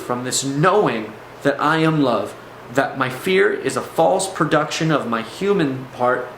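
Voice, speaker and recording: Rambling man telling a personal story. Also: fairly high pitch. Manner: rambling, with fillers and restarts. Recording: echoey room, faint background noise.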